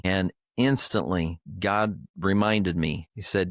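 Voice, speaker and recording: A man's voice: on the low side, normal speed, no room sound, clean studio sound. An older man co-hosting a podcast, telling a personal faith story in an earnest, emotional way. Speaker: podcast co-host. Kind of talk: heartfelt storytelling chat.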